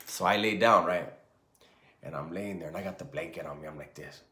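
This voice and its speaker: A man in his forties casually telling a true ghost story in a loose, profane, animated way, often checking in with "right?". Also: sits low, brisk.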